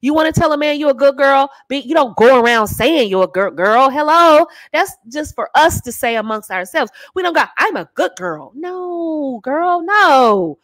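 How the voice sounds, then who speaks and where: A woman's voice: high voice, lively intonation, brisk, few pauses, dry recording. A woman hosting a channel as a dating coach, giving sassy, emphatic straight-talking advice and calling the listener baby and honey.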